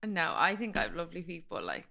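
Co-host, young woman, animated and giggly, bright voice, lively pitch. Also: fast talker, gravelly. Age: young adult. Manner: laughs often, animated storyteller. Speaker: podcast co-host. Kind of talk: casual chat.

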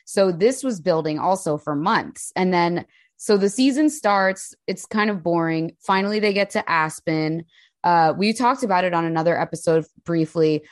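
A woman co-hosting a podcast, telling stories in a casual, animated way. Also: lowish voice, moderate pace, dry recording, clean studio sound. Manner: animated storyteller, mimics people. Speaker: podcast co-host. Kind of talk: casual chat.

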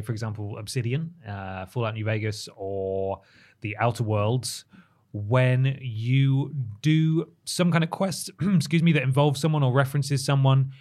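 Guy on a gaming podcast, mid-pitched, kind of rambly, lots of uhs and restarts. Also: fairly even intonation, unhurried, darkish tone. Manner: rambling, with fillers and self-corrections. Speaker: podcast co-host. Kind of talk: casual chat.

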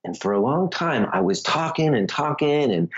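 A man's voice: medium pitch, big pitch swings, moderate pace, slightly rough, dull audio. An American man, a yoga teacher, telling a personal story in a casual, chatty way, full of "like"s and small laughs. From United States. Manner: chatty, many "like"s, laughing asides.

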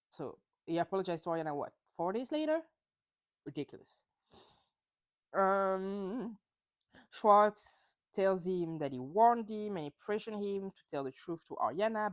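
A woman hosting a podcast, giving an opinionated, casual recap of a reality TV episode and acting out quotes from the cast. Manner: animated, opinionated, acts out quotes with big swings in pitch. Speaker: podcast host.

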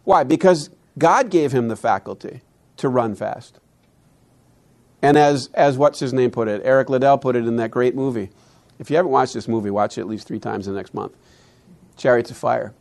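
A man giving a lecture on classical education with animated, preacher-like delivery, asking the audience many rhetorical questions. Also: mid-range voice, moderate pace, gravelly.

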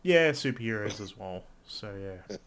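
A podcast co-host with a voice on the low side chats casually, animated and quick to swear, his pitch jumping up whenever he gets excited. There is slight background noise.

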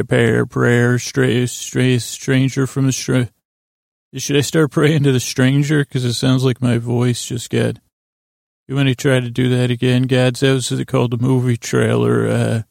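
A man riffs in character as an earnest young king, his voice heavy with gravel and fry. He stumbles and restarts as he rambles through the comedy bit. The sound is dry and close. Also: medium pitch, level tone, darkish tone, dry recording. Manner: rambling, halting, full of restarts. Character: earnest boy king Tommen. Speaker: comedy podcast host.

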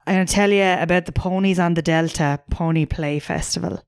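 Lower-pitched chatty woman podcaster. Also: steady tone, a little fast, vocal fry, a little mellow, no echo, studio quality. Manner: chatty, swears casually, shares researched facts. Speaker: podcast co-host. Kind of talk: casual chat.

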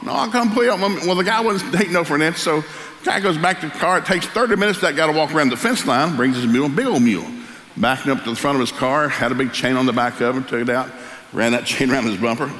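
With a slightly high voice and a quick pace, a male pastor tells a folksy story during his sermon in a church sanctuary. He is an animated storyteller who acts out the voices. A long reverb fills the live church hall.

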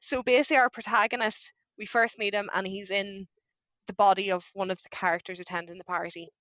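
A woman chatting casually as a book podcast co-host, animated and quick to laugh. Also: medium pitch, no echo, muffled recording.

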